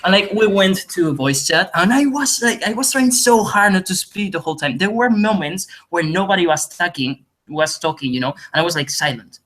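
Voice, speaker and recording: A man from Spain with a Spanish accent, talking very fast and excitably in a casual group chat. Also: high-pitched. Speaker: podcast regular.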